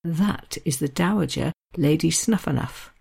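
A woman reading aloud gives us a fawning master of ceremonies, all flattery and self-importance. He sits a little higher than the reader's own deep, mellow, gravelly tone, with a breathy huskiness throughout. It is a classic novel brought to life by one reader. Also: a little slow, full character voice. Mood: gushing. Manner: effusive, flattering.

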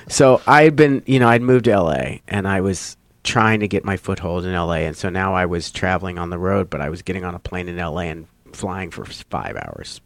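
A man, a comedian, telling a story in casual chat, getting animated and loud as he acts out a confrontation. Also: low-pitched, fairly quick, no echo. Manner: animated, rising loud when acting out the confrontation. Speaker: comedian guest.

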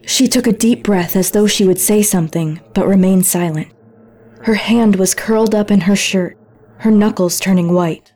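A woman narrating a story in first person, gentle and intimate. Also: mid-range voice, moderate pace.

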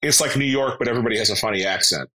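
A man co-hosting a casual podcast chat over a remote call, an animated, blunt storyteller who swears freely. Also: medium pitch, very fast, rough recording. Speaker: podcast co-host.

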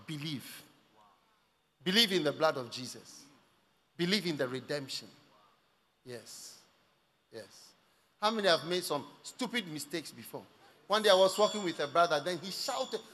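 A man preaching in a large church hall, his voice high and bright. He moves freely between hushed, close asides and loud, ringing exclamations. A long reverb trails after every line. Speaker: pastor. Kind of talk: sermon.

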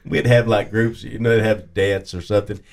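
A man's voice: on the low side, fairly even intonation, fairly quick, creaky, darkish tone. A man co-hosting a sports talk radio show, chatty and upbeat. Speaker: radio co-host. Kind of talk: casual chat.

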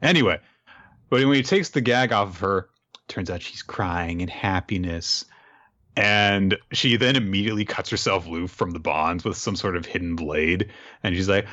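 A man recapping a manga chapter in casual chat, animated and laughing, often jumping into high voices for the characters. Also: normal speed, highs cut off. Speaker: podcast co-host.

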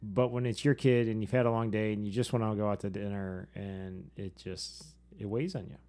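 A man's voice: lowish voice, fairly even intonation, darkish tone. A man co-hosting a podcast, talking casually, laughing easily and adding side remarks to his partner's stories. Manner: easygoing, quick to laugh, adds caveats. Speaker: podcast co-host, behavioral psychologist and coach. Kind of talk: casual conversational podcast talk.

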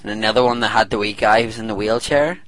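A man's voice: lowish voice, fast talker, fairly bright tone, no room sound. A man co-hosting a retro gaming podcast, teasing and laughing often in casual chat. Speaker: podcast co-host.

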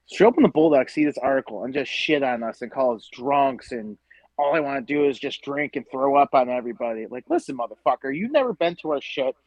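A man's voice: medium pitch, fairly quick, no echo, poor audio. A man from Western New York, ranting with lots of profanity as a guest in a casual podcast chat. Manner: profane, ranting, animated storytelling. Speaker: guest, tailgate group leader.

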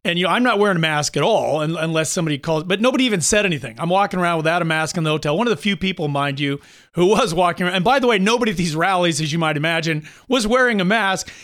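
A man in his fifties hosting a talk show, chatting casually and telling animated stories with mocking impressions of others. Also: high voice. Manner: animated storyteller, mimics others with mocking voices. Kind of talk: casual opinion chat.

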